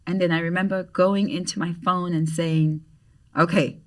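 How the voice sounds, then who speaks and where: A middle-aged woman from Grenada with a Grenadian accent, a podcast guest telling a story in an animated way and acting out the voices she quotes. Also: fairly low pitch, moderate pace, far from the mic. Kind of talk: storytelling in conversation.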